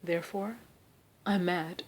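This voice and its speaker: A woman voicing a sly, grinning cat who talks slowly in a hushed, half-whispered way. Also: on the low side, steady tone. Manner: slow, hushed, drawn-out whispery delivery.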